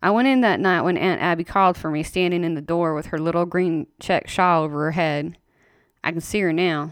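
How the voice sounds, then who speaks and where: A woman with a smooth, low voice reads a horror tale in old rural dialect, speaking bluntly and with indignation. The sound is dry and close, with no room in it. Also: a little fast, no room sound. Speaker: storyteller. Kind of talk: dramatic reading of a horror story in rural dialect.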